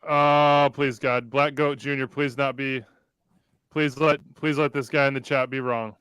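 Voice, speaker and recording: A man's voice: mid-range voice, level tone, normal speed, a bit bright, clear, resonant tone, dry recording. A man hosting a live watch-along show, calling the play and reading out the chat. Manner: calls the play and reads out the chat. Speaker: host.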